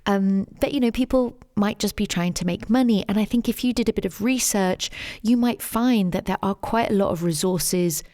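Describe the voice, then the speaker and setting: A woman's voice: medium pitch, mellow. Woman with a London English accent. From England. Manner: measured, many "um" and "you know" fillers. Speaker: guest, English teacher and tour guide. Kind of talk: interview answers.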